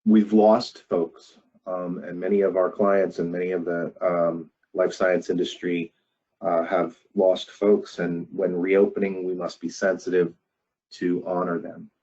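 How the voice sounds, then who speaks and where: Deep, husky-voiced man giving a webinar. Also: flat delivery, warm tone, lo-fi sound. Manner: measured, frequent "um" fillers, emphatic repetition. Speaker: webinar presenter on crisis communication. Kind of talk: unscripted webinar presentation.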